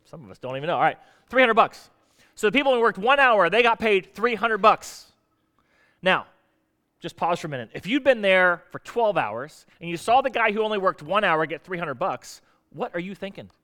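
A man's voice: high-pitched, big pitch swings, moderate pace, sharp tone. A man preaching a sermon, talking conversationally and putting questions to his congregation. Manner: conversational, asks the audience questions. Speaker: pastor. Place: church hall. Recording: echoey hall.

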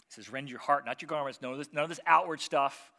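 A male pastor preaching with a bright, forceful tone. He tells the story vividly and acts out the people in it. He pushes hard on key lines, then drops almost to a hush. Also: fairly high pitch, fast, creaky. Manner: animated storytelling, acting out voices of biblical figures; swings from loud and emphatic to quiet and soft. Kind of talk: sermon.

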